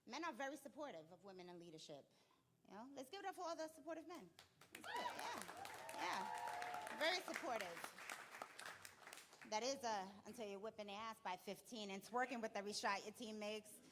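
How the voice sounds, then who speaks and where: A young woman telling an animated stand-up story on a comedy club stage, acting out people in quick bursts. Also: on the high side, over a noisy crowd, very noisy.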